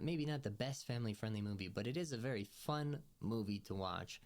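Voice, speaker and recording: Man, slightly low voice, loose chatty film reviewer who rambles and backtracks. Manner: rambling, loose, with many fillers and restarts. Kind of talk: casual movie review vlog.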